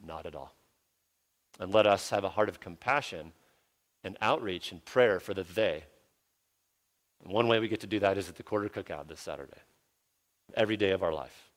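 A man's voice: sits low, normal speed, pauses often. A man preaching a sermon as pastor and leading a prayer, earnest and emphatic, repeating words for stress.

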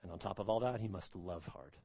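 A man's voice: deep voice, quick pace, vocal fry, dark tone, breathy edge. Emphatic male preacher. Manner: emphatic, repeats phrases, asks the audience rhetorical questions. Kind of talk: expository sermon.

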